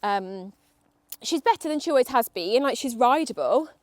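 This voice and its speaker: A woman's voice: fairly high pitch, animated, normal speed, no room sound, clean studio sound. A young woman vlogging while riding her horse, chatty and nervous, talking to the horse and her viewers. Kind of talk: casual chat while riding. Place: outdoor riding arena.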